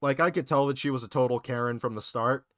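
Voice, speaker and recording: A young man casually telling work stories in a podcast chat, animated and full of profanity. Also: medium pitch, fast, no room sound, studio quality. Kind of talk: casual storytelling.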